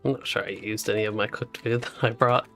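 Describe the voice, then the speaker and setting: With a lowish, creaky voice and a brisk delivery, a male gaming streamer chats casually over faint music. He's playing a co-op survival game, rambling between tasks, laughing frequently, and yawning from late-night sleepiness.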